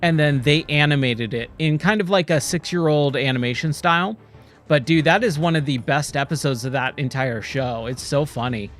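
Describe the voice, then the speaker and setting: Excitable man rambling over gameplay. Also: a little high, normal speed, soft background music. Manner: rambling, nostalgic, excitable, says "dude" a lot. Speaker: streamer. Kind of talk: casual gameplay commentary. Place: home, playing a VR game.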